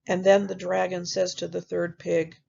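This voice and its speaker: A woman, a teacher, reading a picture book aloud to children in a gentle, expressive storytelling manner. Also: on the low side, normal speed, creaky, highs cut off.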